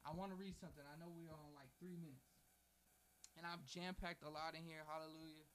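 Fervent preacher man with a higher voice. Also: steady tone, quick pace, a bit bright, a little hiss or hum. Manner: fervent, emphatic preaching with rising repeated phrases; informal, folksy asides. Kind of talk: sermon with a read-aloud prayer.

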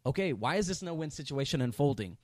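A man's voice: fairly high pitch, lively intonation, fast talker, darkish tone, no room sound. Male Bible teacher, casual and filler-heavy, bouncy delivery, dry close sound. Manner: conversational, many fillers, sarcastic asides.

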